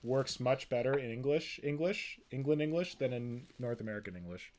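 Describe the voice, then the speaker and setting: A man's voice: medium pitch, moderate pace, a little mellow, slight background noise. Canadian guy chatting on his stream, jokey and easygoing. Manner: joking, chatty. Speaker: streamer host. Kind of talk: casual chat.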